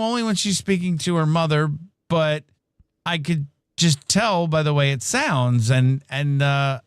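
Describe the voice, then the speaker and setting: With a slightly high, clean-toned voice and a measured pace, a podcast co-host tells a lively story during casual livestream chat. He laughs often and acts out quoted dialogue; the audio is studio quality with no echo.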